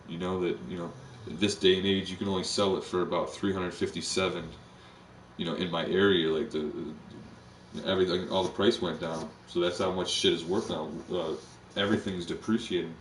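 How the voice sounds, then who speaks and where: A man's voice: low voice, steady tone, fairly quick, slight background noise. A man live streaming, chatting casually in a rambling, profane way full of slang. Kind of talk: casual chat. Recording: roomy, distant mic with faint ambience.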